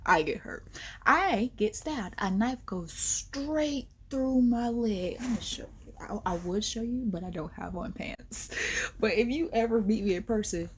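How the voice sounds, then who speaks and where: A woman vlogger telling a personal story in a casual, slangy way, animated, with whispered asides. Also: a little high, slow pace, husky.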